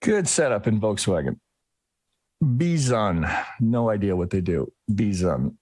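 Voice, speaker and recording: A man's voice: fairly low pitch, sing-song, a little fast, a little mellow, slightly rough, no echo. A man teaching a live trading lesson, talking through charts and acting out traders' inner thoughts. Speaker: trading educator.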